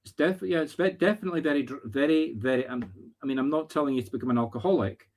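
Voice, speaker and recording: Scottish man, medium, live stream readings, earnest, halting, pauses to find words. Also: mid-range voice, a little mellow.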